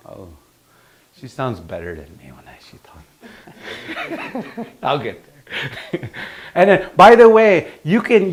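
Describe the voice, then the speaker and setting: A man teaching a class in an easygoing, conversational way. His pitch swings widely as he talks, lively and expressive, and he breaks into laughter now and then. He acts out phrases himself to show his students how they should sound. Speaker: language teacher.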